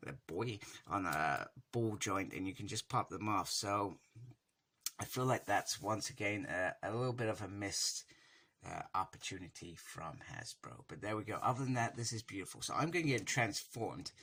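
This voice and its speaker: A man's voice: fairly low pitch, lively intonation, moderate pace, creaky, fairly bright tone, breathy edge. A man chatting casually and enthusiastically through a toy review, rambling as he goes.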